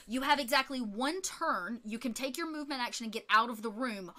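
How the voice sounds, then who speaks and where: Female GM, bright and slightly high, loose conversational tabletop narration. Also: brisk. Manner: casual, filler-heavy narration with laughs. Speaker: game master.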